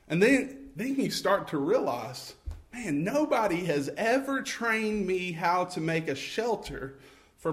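A man preaching a sermon, conversational and self-correcting, acting out scenes and building to fervent calls. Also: a little high. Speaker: pastor.

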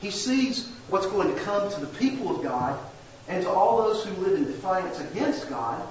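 A man's voice: high-pitched, very animated, moderate pace, a little hiss or hum. Earnest male pastor preaching from a distance in a hall full of echo. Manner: earnest preaching with a folksy aside. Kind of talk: sermon. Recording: very echoey church sanctuary, distant mic, dull.

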